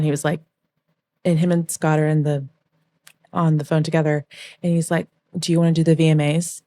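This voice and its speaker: A young woman with a low voice tells a personal story in a podcast interview. She talks with real feeling and acts out the lines of the people in it. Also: fairly quick, pauses often. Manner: emotional, animated storytelling, acts out quoted voices. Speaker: podcast guest, former backup dancer.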